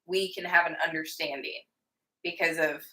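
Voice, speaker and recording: A woman co-hosting a podcast, talking in casual chat with halting phrasing and many filler words. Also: low-pitched, steady tone, pushed and bright, low-quality recording. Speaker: podcast co-host.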